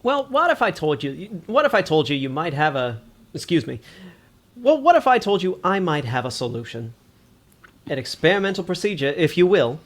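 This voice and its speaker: A man's voice: on the high side, very animated, moderate pace. A man voicing a fussy, exasperated space doctor in a put-on Australian accent. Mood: scheming. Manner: pedantic and fussy. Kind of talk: tabletop actual-play role-play.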